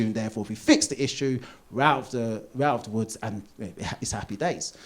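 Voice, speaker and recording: A man in his thirties doing a stand-up comedy routine on a theatre stage, telling a personal story and acting out the people in it. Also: medium pitch. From England. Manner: animated storytelling, acts out doctor and himself in quotes. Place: theatre stage before a live audience.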